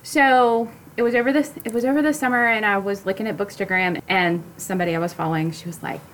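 Woman, casual co-host, upbeat, explains plots plainly; mid pitch, faint hiss. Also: fairly even intonation, fast talker, a bit bright, rough recording. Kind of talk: casual chat among friends.

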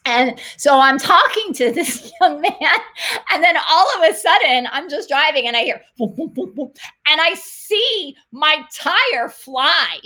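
A middle-aged woman hosting a faith talk show, telling a story with lively energy and frequent laughter. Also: high voice. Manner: excited storytelling, laughs often, fast animated retelling.

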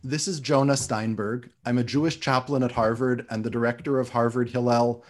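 An earnest man with a steady, mid-range voice hosts a scripture conversation. He welcomes listeners briskly before moving into a reading. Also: medium pitch. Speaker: chaplain hosting a Torah discussion.

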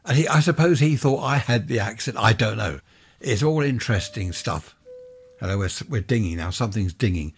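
An older man from England hosts his show alone, talking in a loose, wandering way and chuckling as he goes. His voice sits low with a husky, slightly rough edge. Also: fast talker, few pauses. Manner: chatty, wandering, with chuckling asides. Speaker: podcast host. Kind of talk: rambling casual monologue.

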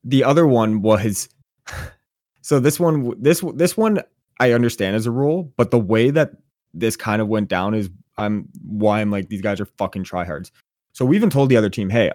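A man co-hosting a casual sports podcast, telling animated, profane stories and venting with gusto. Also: on the low side, no room sound, clean studio sound. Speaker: podcast co-host.

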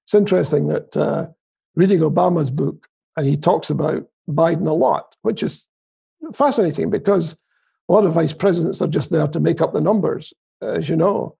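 A man's voice: a little high, moderate pace, creaky, warm tone, husky. A Scottish man interviewing a guest in a casual political chat, asking wry, teasing questions. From Scotland.

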